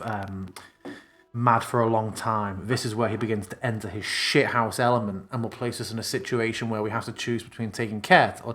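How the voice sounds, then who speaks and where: A man's voice: on the low side, fairly bright tone. A man playing a tabletop game, moving between in-character speech and casual table talk over a voice call. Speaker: player. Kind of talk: casual tabletop role-play.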